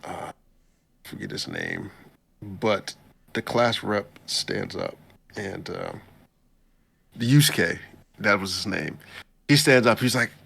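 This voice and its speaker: A man hosting a podcast, casually recapping an anime episode in a laid-back, slangy way and jumping up in pitch to quote the characters. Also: very animated, slow, vocal fry, long pauses, fairly bright tone, slightly rough. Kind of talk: casual chat.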